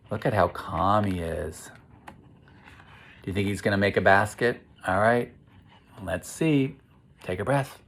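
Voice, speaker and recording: A man reading a picture book aloud to children, stopping often to ask them gentle questions and lead breathing pauses. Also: fairly low pitch. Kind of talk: interactive read-aloud for kids.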